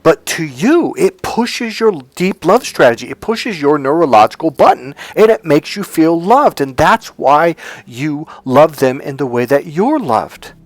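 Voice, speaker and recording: Animated male dating coach, dry close sound. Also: fairly high pitch, a little slow, hardly any pauses, no echo. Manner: animated storyteller, acts out quotes. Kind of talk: casual monologue with personal stories.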